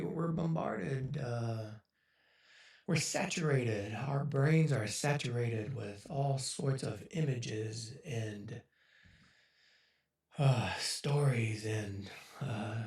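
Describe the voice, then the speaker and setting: A man's voice: mid-range voice, a little mellow. A man in his forties telling a story to a livestream audience, emotional and choked up, rambling with many fillers. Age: 40s. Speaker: speaker on a livestream. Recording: echoey room, voice from a distance.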